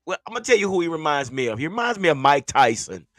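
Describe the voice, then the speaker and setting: A man hosting a casual sports podcast, animated and laughing between phrases. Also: a little high, quick pace, no room sound, clean studio sound. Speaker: podcast host.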